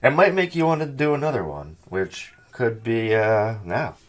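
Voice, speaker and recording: A man hosts a casual podcast in a profane, animated way, mocking people as he goes. His voice sits at a middle pitch for a man. He talks into a headset or phone mic over a call. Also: moderate pace. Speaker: podcast host. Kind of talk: casual chat.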